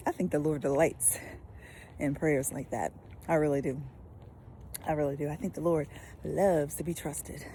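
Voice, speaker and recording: Animated woman preacher, gravelly low voice. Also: moderate pace, long pauses, slight background noise. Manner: animated, swings from loud emphasis to whispers. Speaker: pastor. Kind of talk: lively devotional teaching.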